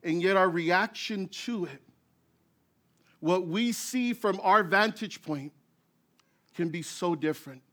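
A male pastor preaching with a storyteller's energy, acting out each scene as he goes. His voice sits a bit higher than most men's. He keeps the telling lively. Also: takes it slowly, pauses often. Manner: storytelling, animated, acts out scenes. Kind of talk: sermon.

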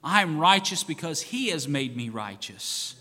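Bright-voiced pastor preaching in a reverberant church. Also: male voice, on the high side, very animated, unhurried. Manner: swings from loud fervent preaching to hushed solemn tones. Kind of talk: sermon. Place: church sanctuary. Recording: long church hall reverb.

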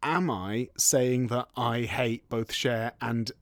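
A man's voice: medium pitch, fairly even intonation, takes it slowly, no room sound, studio quality. Joking man on a podcast. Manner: jokey, questioning, sarcastic asides. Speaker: podcast co-host. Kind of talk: casual chat.

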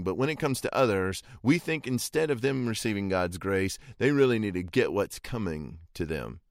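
A male pastor preaching a sermon in a somewhat low voice, telling a Bible story with animated energy and acting out the quoted lines. The sound is close and dry, with no room echo. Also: normal speed, hardly any pauses.

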